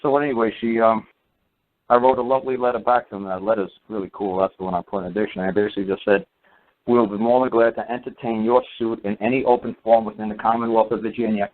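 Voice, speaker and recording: A man with a lowish, steady voice speaks fast, telling a long story in a casual, rambling way full of fillers and acted-out quoted voices. He is giving recorded teachings, and the audio has a tinny phone-line sound.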